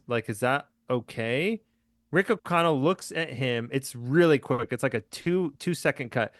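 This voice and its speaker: A man in a casual podcast chat about a film, eager and quick to laugh. His voice sits at a middle pitch and sounds dry and close, with no room around it. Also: animated, fairly bright tone, no room sound. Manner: enthusiastic, laughs often, restarts. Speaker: podcast host. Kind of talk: casual movie discussion.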